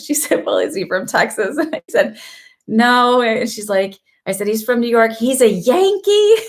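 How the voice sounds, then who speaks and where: A middle-aged woman talks casually on a live stream from her home. Her voice sits at a middle pitch, and she tells personal stories in an emotional, heartfelt way that turns tearful at times. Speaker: spiritual channel host.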